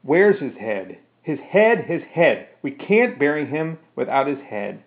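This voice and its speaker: Guy doing a frantic young soldier, urgent and pitched up, phone-line sound. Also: sing-song, measured pace.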